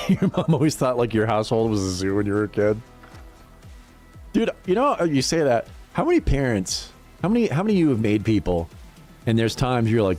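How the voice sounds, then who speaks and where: A man chatting with his viewers on a gaming livestream, rambling from one story to the next and cursing freely. His low voice rises and falls in wide, lively swings. Faint music plays underneath. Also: fairly quick, pauses often. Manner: profane, rambling, laughs often. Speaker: streamer. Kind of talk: casual livestream chat while gaming.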